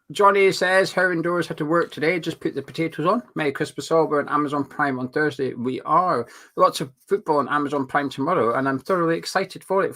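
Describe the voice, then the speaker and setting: A man hosting a casual live stream from home, animated, swearing freely and reading out viewer comments. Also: a little high. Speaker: host. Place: home room.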